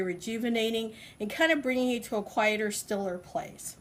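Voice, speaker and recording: Chatty woman in her forties, higher voice. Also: lively intonation, normal speed, hardly any pauses, fairly bright tone. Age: 40s. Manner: chatty, laughs often, stretches words out. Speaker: vlogger. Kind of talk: casual self-help vlog. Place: outdoors on a balcony.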